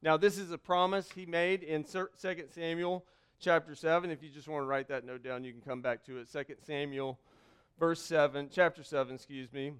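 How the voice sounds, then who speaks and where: High-voiced pastor preaching with bursts. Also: male voice, fairly even intonation, fairly quick, clear, resonant tone. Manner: preaching with scripture readings and sudden loud and quiet turns. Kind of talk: sermon.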